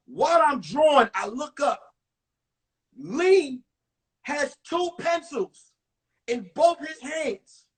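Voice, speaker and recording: A comedian from New York doing a one-man show, telling comic stories and acting out the characters in an animated way. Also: very high voice, takes it slowly, long pauses, distant mic, rough recording. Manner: animated, acts out every character.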